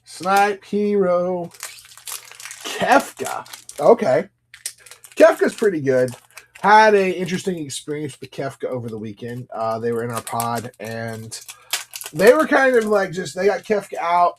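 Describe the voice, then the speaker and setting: With a fairly high voice that swings widely in pitch, this live stream seller talks a little slowly as he opens card packs. He reads off the cards, greets viewers by name, and rambles through casual chat and stories. There's slight background noise.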